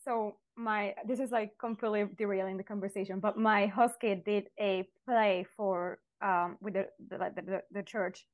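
A woman's voice: mid-range voice, fairly even intonation, normal speed, hardly any pauses. A woman co-hosting a casual podcast chat, speaking hesitantly with many fillers. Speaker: podcast co-host.

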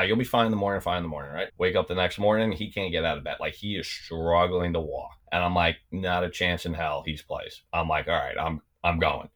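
A young man with a very low, deep voice tells loose, rambling stories, peppering them with "like" and doubling back on his words. He talks as a podcast guest, easygoing and unpolished. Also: fairly bright tone. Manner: rambling, repeats words, lots of "like". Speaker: podcast guest, former college backup goalie. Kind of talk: casual storytelling.

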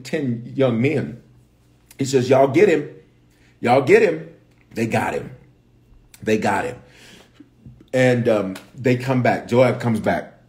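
A man's voice: mid-range voice, darkish tone. A man with a Memphis accent, a bishop giving livestream Bible teaching with slangy storytelling and asides to viewers. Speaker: bishop and pastor.

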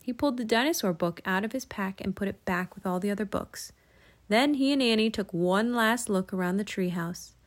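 A woman narrating a children's storybook in an expressive, lilting way. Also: mid-range voice, fairly quick. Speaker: audiobook narrator.

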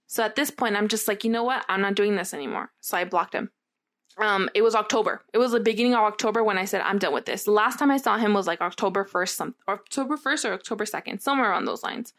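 Talking fast in a medium-pitched, fairly bright voice, this young woman shares a candid, rambling personal story over casual chat. "Like" comes up constantly, and she swears as she goes.

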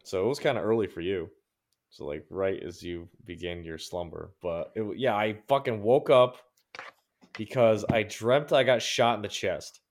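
A man's voice: fairly low pitch, normal speed. A man co-hosting a podcast, telling a long story in a rambling, profanity-heavy way. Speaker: podcast co-host. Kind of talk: casual chat.

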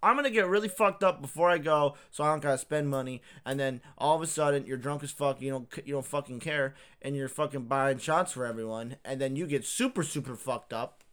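A man's voice: medium pitch, a little fast, a bit bright, clean tone. A man co-hosting a podcast in casual chat, joking crudely, laughing often and talking with many fillers. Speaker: podcast co-host.

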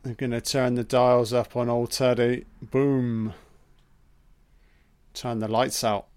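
A man's voice: mid-range voice, level tone, moderate pace, a little mellow, no echo. A young man giving casual reaction commentary on a film, swearing often and exclaiming in surprise.

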